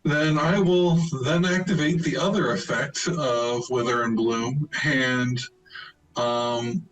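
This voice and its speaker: A man's voice: medium pitch, fairly even intonation, takes it slowly, a bit bright, poor audio. A man playing a tabletop game, laid-back, reading out his rolls and spells. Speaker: player.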